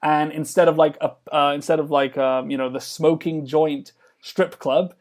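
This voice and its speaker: A man's voice: a little high, steady tone, normal speed. A man talking casually in a podcast conversation, rambling with lots of fillers and restarts as he explains his game project. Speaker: game developer guest.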